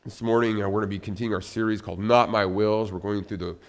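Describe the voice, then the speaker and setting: A man giving a church sermon in a conversational storytelling way, often restarting his sentences and dropping to a soft, low voice at heavy moments. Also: fairly even intonation, quick pace. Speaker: pastor. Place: church sanctuary.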